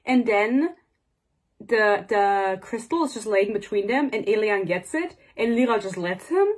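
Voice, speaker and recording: A woman's voice: medium pitch, animated, measured pace. A woman in her twenties giving a casual book rant, exasperated and sarcastic, swearing freely and rambling off on tangents. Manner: rambling and digressive. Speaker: book reviewer.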